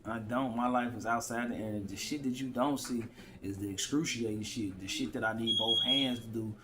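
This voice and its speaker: A man's voice: medium pitch, fairly quick, heavy background noise. A man vlogging straight to his phone in loose, rambling slang, often repeating himself. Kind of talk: casual rambling monologue to camera.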